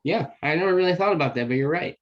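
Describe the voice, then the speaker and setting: A man's voice: a little high, very fast. A man hosting a podcast, chiming in with short agreements and questions. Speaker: podcast host. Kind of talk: casual conversation. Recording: slightly muffled recording.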